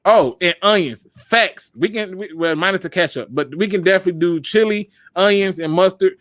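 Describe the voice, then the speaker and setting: A man hosting a casual live stream, joking and reacting loudly to the chat. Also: high-pitched, brisk, no echo, clean studio sound. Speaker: podcast host.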